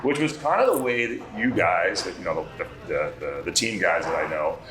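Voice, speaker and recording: A male actor, a guest on a bar talk show, telling animated stories with lots of restarts and swearing. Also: low voice, moderate pace, reverberant, background noise. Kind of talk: casual chat, anecdote telling.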